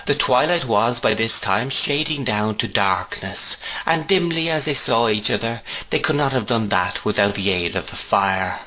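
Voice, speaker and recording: Bright, expressive male storybook narrator. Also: on the low side, moderate pace, hardly any pauses, poor audio. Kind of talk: storybook reading for learners.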